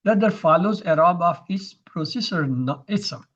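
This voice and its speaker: A man's voice: high-pitched, expressive, normal speed, fairly bright tone, highs cut off. A man teaching Arabic grammar in an online lesson, explaining terms step by step over a video call.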